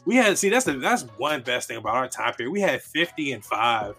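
Guy with a bright sharp voice, teasing his friends, faint music in back. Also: medium pitch, very animated, brisk, breathy edge. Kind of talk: casual chat.

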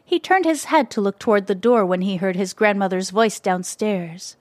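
A woman narrates a children's story gently and expressively, close to the mic. Her pitch is medium, her pace moderate, and the recording is dry.

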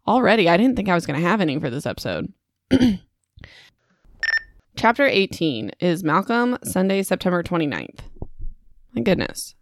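A woman's voice: lowish voice, sing-song, normal speed, pauses often, dry recording, clean studio sound. A young adult woman hosting a casual book podcast, chatty and self-mocking, laughing at her own slips into a home microphone. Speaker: podcast host.

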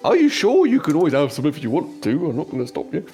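A man voicing a boisterous, heavy-drinking male wizard who keeps jumping up into a high, squawky voice. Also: huge pitch swings, fast, mellow, faint music behind. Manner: squawky, jumps high in pitch. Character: boozy, boisterous, inhumanly strong male wizard.

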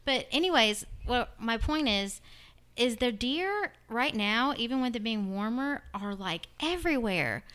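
A woman's voice: a little high, animated, unhurried, fairly bright tone, clean tone. Rambling woman podcast host. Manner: rambling, drifts off topic. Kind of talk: casual podcast chat.

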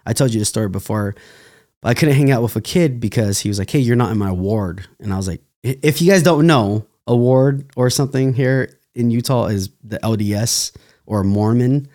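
A man's voice: medium pitch, fairly quick, mellow. A young man from California, a dancer, telling stories loosely in a casual interview, laughing and restarting often. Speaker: podcast guest, dancer.

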